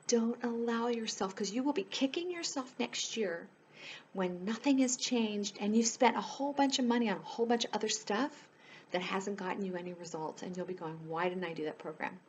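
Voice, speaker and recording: A woman's voice: mid-range voice, a little hiss or hum. A woman life coach talking straight to her viewers in a casual, earnest way, pleading with them and leaning on "you know" as she goes. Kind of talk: casual direct-to-camera chat.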